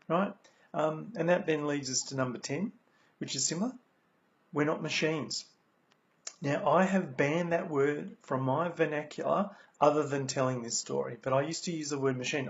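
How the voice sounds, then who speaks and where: Australian man, motivational speaker, gravelly, earnest and repetitive, muffled lo-fi sound. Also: medium pitch, normal speed. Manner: earnest, repeats key phrases, many ums. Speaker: speaker sharing recovery lessons. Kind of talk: motivational talk. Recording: dull lo-fi recording.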